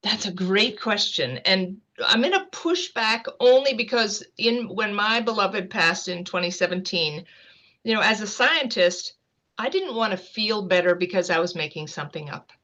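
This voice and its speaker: A woman from the United States, a scientist and author, talking fast and earnestly as an interview guest on a video call. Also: mid-range voice, expressive, sharp tone. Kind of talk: casual interview talk.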